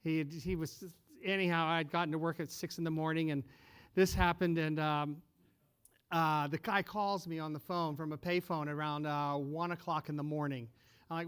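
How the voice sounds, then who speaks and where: A man's voice: a little high, moderate pace, smooth. A man telling a story on a panel in casual talk, acting out quoted lines as he goes. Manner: animated anecdote teller who acts out quotes. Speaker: panelist, former restaurant owner.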